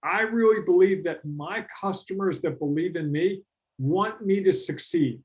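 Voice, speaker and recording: A middle-aged man leads a business workshop in a relaxed, talky way, with a voice pitched a little above the usual for men. He tells stories and slips into the voices of the clients he quotes. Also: a little slow. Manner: animated storytelling, acts out quoted clients. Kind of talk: conversational workshop talk.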